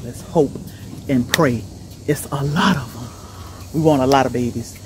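A middle-aged woman vlogging casually outdoors by her rabbit hutches, chatty and animated, laughing often as she talks to viewers. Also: extremely low pitch, moderate pace, slight background noise. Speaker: homestead vlogger.

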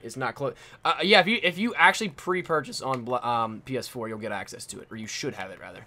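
A man streaming gameplay, chatting excitably with teammates and his audience, his voice a little strained. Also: mid-range voice, fast, a little hiss or hum. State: slightly strained, losing his voice. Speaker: gaming streamer and YouTuber. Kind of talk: casual gameplay chat with teammates.

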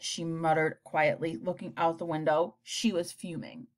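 A woman narrating an audiobook in an expressive, animated reading. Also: low voice, moderate pace. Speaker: audiobook reader.

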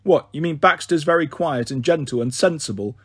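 A man's voice: on the high side, a little fast, slightly rough, no echo, clean studio sound. A man voicing an anxious, tearful big-sister girl. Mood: wry. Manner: pleading, tearful.

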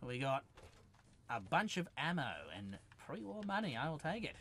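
Excitable streamer yelling battle cries. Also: male voice, fairly high pitch, moderate pace. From Australia. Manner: excitable, yells taunts and battle cries at enemies. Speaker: game streamer. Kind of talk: let's-play gaming commentary.

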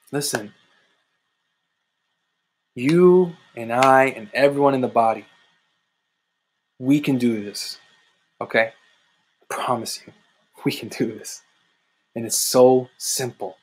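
A man preaching an impassioned sermon, often repeating phrases and calling his listeners "guys". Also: mid-range voice.

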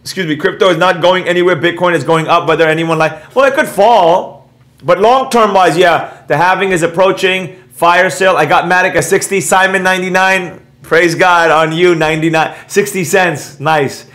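A high-voiced middle-aged man talks straight to his viewers in a brash, lecturing way, repeating himself for emphasis. He shifts into reading chat names and answering them off the cuff. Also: moderate pace. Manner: animated, repeats points for emphasis. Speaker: trading educator and channel host. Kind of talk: casual monologue to viewers, reading live chat.

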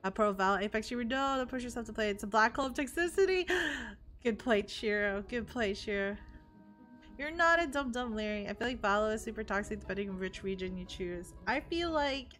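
A woman's voice: fairly high pitch, expressive, quick pace, fairly bright tone, faint music behind. A young woman streaming games, chatting casually with her viewers and laughing often. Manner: bubbly, laughs often, reacts to chat. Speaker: VTuber streamer. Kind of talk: casual live-stream chat.

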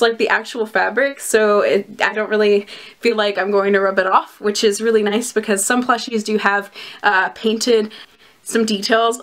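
A woman's voice: a little high, a bit bright. A young woman chatting casually to camera in a vlog, giggly and bubbly, often laughing between her words. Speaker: vlogger reviewing plush collectibles.

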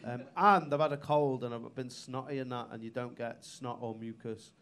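Brash, sweary comedian doing crowd work. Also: male voice, mid-range voice, fairly even intonation, moderate pace, a bit bright, a little hiss or hum. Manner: brash, sweary, teasing banter with the audience. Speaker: stand-up comedian. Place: comedy club stage.

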